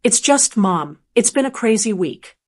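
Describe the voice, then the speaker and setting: A woman reading the lines of an anxious adult son who rambles and pleads, a little higher than her narrating voice. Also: lively intonation, a little slow.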